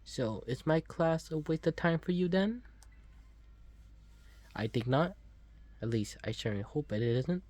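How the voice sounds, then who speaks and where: A man's voice: a little high, animated, unhurried, pauses often, a little mellow, voice pushed up. A man voicing a formal male art teacher from a game, reading his lines with a stiff, slightly accented delivery.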